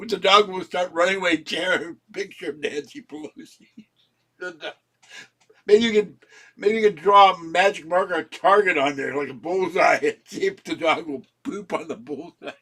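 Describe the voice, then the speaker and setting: A man vlogs from inside his home in a high-pitched, somewhat bright voice with a breathy edge, speaking at normal speed. His monologue rambles and rants, and he often bursts out laughing.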